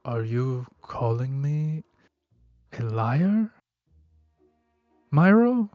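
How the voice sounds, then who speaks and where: A man's voice: mid-range voice, big pitch swings, extremely slow, no echo, dull audio, soft background music. A man voicing a threatening male Minotaur enforcer in a tabletop game. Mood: menacing. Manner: threatening, cold.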